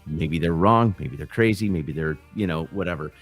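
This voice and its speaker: A deep-voiced man hosts a casual livestream chat, rambling, restarting sentences and dropping curses along the way. Faint music plays behind him. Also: normal speed. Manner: rambling, loose and profane, restarts often. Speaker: livestream host. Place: backyard grill gazebo.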